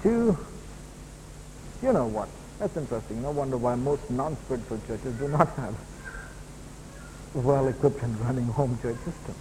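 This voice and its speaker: A man preaching a sermon as a pastor, building to loud emphatic peaks and then dropping to quieter, lower asides. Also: lively intonation, normal speed, long pauses, a little hiss or hum. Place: church hall. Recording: long hall reverb, faint ambience.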